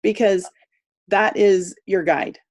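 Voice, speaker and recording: A woman hosting a casual chat on a video call, speaking in a warm, affirming way. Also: mid-range voice, steady tone, slow pace. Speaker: host.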